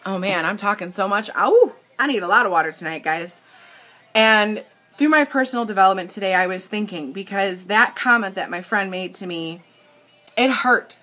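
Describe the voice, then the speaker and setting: Faint music plays behind a young woman selling makeup over a tablet live stream. Her mid-range voice has a sharp tone and lively intonation at a moderate pace, and she speaks to viewers earnestly and emotionally, frequently starting sentences over.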